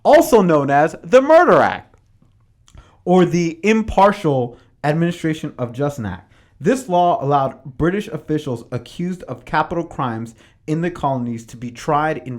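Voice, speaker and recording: A man hosting a podcast, chatting casually about history, reading passages from notes and adding slangy, dramatized asides. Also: medium pitch. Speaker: podcast host.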